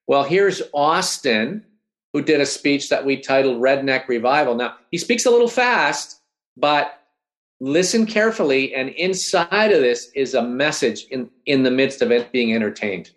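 A man hosting an online talk, coaching in an energetic way and often checking in with his listeners. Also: mid-range voice, normal speed. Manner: energetic, coaching, keeps asking "right?". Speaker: host and speech coach.

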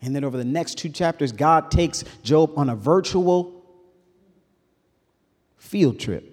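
A man preaching a sermon in an animated call-and-response style. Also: on the high side, takes it slowly. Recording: reverberant hall.

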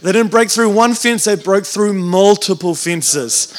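A man's voice: sits high, unhurried. A young man with a New Zealand accent preaching a sermon as a youth pastor, telling funny stories and acting out the voices. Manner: humorous storytelling with acted-out voices.

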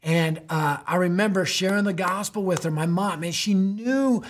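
A man's voice: high-pitched, moderate pace, slight background noise. A man hosting a youth ministry podcast, teaching emphatically in a preaching style, with rhetorical questions and frequent "right?".

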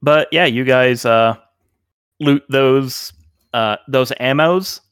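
A man narrating as game master, relaxed and rambling with many fillers. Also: mid-range voice, slow pace, clear, resonant tone, no room sound, clean studio sound.

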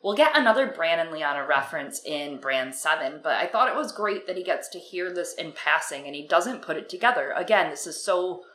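A woman's voice: lowish voice, fairly bright tone, reverberant, rough recording. A young adult woman co-hosting a casual book discussion, reading passages aloud with playful asides. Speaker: podcast co-host.

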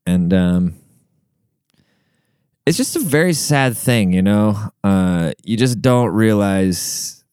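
A man's voice: fairly low pitch, animated, takes it slowly, long pauses, darkish tone, smooth, no echo, studio quality. A young man talking casually through a personal story, rambling with lots of filler words and swearing, earnest and emotional.

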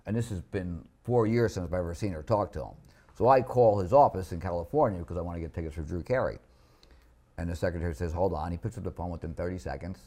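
A man's voice: sits low, fast, dark tone. A man, a podcast guest, telling laid-back anecdotes in casual chat. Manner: laid-back anecdote teller, chuckles often. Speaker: guest, former club manager. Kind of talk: casual storytelling.

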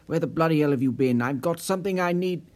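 A man voicing a brusque, insistent man who demands answers, in a lower, firmer voice than his own. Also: quick pace, close to an everyday voice. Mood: demanding. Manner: forceful, insistent.

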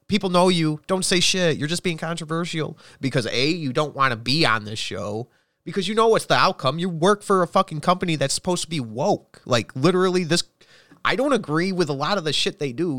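A man's voice: on the high side, a bit bright, no echo, clean studio sound. Blunt, profane man ranting. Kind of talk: casual chat.

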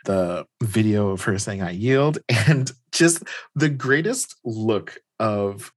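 Husky low-voiced man retelling a story. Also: slow pace. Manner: animated storytelling, laughing as he talks. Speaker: podcast co-host. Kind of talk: casual chat retelling a comic plot.

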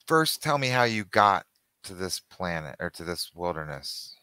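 A man with a low voice runs a tabletop game, describing scenes in a casual, loose storytelling way. His tone is bright and crisp, and the recording is dry and close. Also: sing-song, normal speed, no echo. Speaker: game master.

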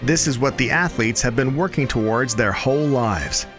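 Deadpan male comedy news anchor. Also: medium pitch, normal speed, faint music behind. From Canada. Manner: dry, deadpan.

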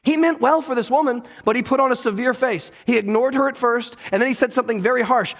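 A man's voice: very high voice, fast, fairly bright tone. A man pastor preaching a sermon in a church, earnest and conversational, often turning to the listeners with questions. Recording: long hall reverb.

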